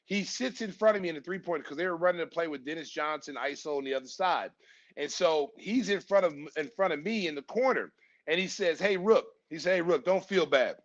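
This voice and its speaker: A man in his fifties from Oklahoma, a former basketball player and podcast guest, telling stories in a casual, animated way and acting out the voices of people he quotes. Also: a little high, fast talker. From Oklahoma, USA. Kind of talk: casual storytelling. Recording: dull lo-fi podcast recording.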